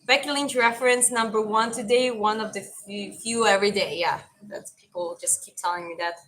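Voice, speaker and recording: A young woman with a mild Eastern European accent chats casually and answers viewer comments as a livestream host, and she is also a boxing coach. Her mid-range voice is a bit bright, with fairly even intonation at a normal speed, in a rough recording.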